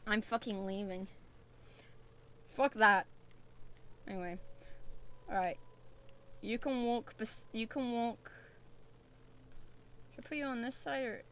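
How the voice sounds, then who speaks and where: Slow-talking young uk girl streaming vr, bright voice, sweary, easily spooked. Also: fairly high pitch, clear, resonant tone. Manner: chatty, swears often, jumpy and excitable. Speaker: VTuber streamer. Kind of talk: casual VR game stream.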